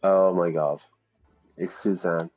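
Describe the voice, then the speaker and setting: Low-voiced man reacting to a game. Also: steady tone, slow pace. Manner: chatty, reads game text aloud and reacts loudly. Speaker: streamer playing a detective game. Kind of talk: casual gameplay commentary. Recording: slightly dull lo-fi audio.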